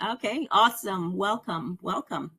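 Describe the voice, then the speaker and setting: A woman's voice: medium pitch, unhurried, creaky, sharp tone, husky. A woman chairing a community committee meeting over a video call, welcoming members by name in a friendly way. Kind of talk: online meeting roll call.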